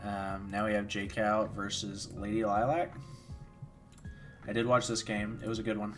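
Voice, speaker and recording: A man's voice: fairly low pitch, monotone, normal speed, a bit bright, soft background music. A tired young man streaming, rambling casually with lots of fillers while he answers chat and commentates games. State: tired, yawning. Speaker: streamer hosting a watchalong.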